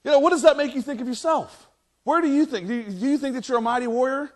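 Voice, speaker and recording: Pastor, male, high-pitched, animated sermon delivery with frequent restarts. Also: fast talker. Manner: animated preaching, reads scripture aloud, restarts often. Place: church sanctuary.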